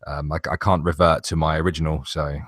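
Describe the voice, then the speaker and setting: A man's voice: extremely low pitch, level tone, quick pace, fairly bright tone, no echo. A man from West London with an English accent mixed by Navy service, chatting bluntly, swearing and restarting his sentences. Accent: mixed English accent shaped by Navy service. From West London, England. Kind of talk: casual online voice chat.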